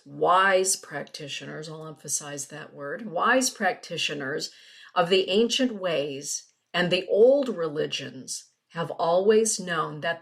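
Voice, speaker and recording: A middle-aged woman, a spiritual teacher, chatting casually with viewers and reading oracle card passages. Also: on the low side. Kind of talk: casual webinar chat.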